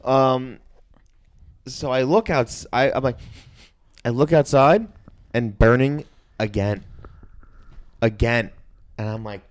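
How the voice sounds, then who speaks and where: A man's voice: mid-range voice, slow pace, long pauses. A man co-hosting a podcast, telling stories in a wry, joking way with swearing. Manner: wry, joking, swears, acts out his own outbursts. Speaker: podcast co-host. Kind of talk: casual banter.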